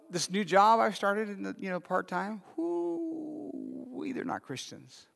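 Male pastor, high voice, sermon, conversational with rhetorical questions, long hall reverb. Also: vocal fry, fairly bright tone.

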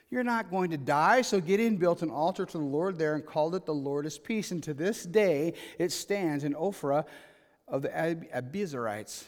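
A man with a high-pitched voice preaches a sermon, moving between reading scripture and acting out the dialogue in everyday terms. His voice rings out with a long reverb, as if filling a church sanctuary. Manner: animated preaching, reads scripture aloud and acts out paraphrased dialogue. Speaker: pastor.

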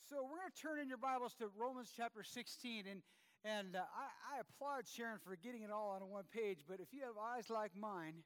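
A man's voice: high-pitched, brisk, fairly bright tone, clean tone. A man preaching to his congregation in a conversational, self-deprecating way, with frequent fillers and restarts. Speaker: pastor. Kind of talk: sermon. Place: church.

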